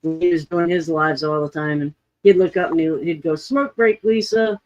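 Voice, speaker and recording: A man's voice: a little high, flat delivery, normal speed, dry recording, dull audio. A man co-hosting a livestream, chatting casually and going along easily with the host. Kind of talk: casual chat.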